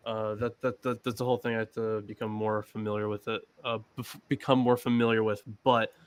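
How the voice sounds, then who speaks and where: Man, panel talker, halting reader of citations, flat voice, dry sound. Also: fairly low pitch, clean tone, dry recording. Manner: hesitant, many fillers and restarts. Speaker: panel member reading from a book. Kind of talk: casual discussion, reading citations aloud.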